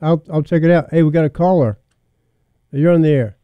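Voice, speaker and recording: A male radio host in casual talk, speaking in a measured, hesitant way and taking callers. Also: fairly high pitch, clear, resonant tone, no room sound. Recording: dull lo-fi band, dry.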